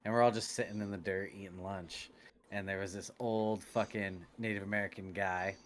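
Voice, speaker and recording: A man's voice: low-pitched, fairly even intonation, normal speed, slight background noise. A man co-hosting a casual podcast, telling a story in a loose, rambling way, swearing freely and filling with "like" and "you know". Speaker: podcast co-host.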